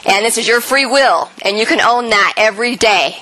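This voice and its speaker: A middle-aged woman speaks earnestly to an audience about spirit and energy, telling her stories animatedly. Her voice has a bright, forward ring. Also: fairly high pitch, fairly quick, few pauses, rough recording. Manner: earnest, animated storytelling, acts out quoted voices. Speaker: speaker and author.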